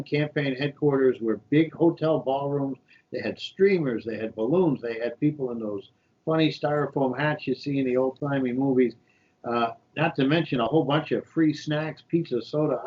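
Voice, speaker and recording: Give me a man in his sixties from New York telling animated stories in an interview, recorded with a dull, lo-fi sound. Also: medium pitch. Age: 60s. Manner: animated anecdotes, acts out quoted voices. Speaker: shadow senator, guest. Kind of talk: storytelling interview. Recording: dull lo-fi podcast audio.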